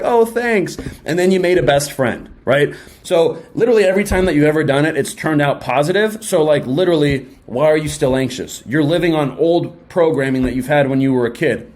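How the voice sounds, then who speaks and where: A young man talks straight to his viewers in a casual, slangy motivational style. His voice sits a little high and he keeps the energy up. He often slips into quick imagined back-and-forth exchanges to make his point. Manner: energetic, slangy, acts out quick mock dialogues. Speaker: self-help video host. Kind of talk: casual motivational talk to camera.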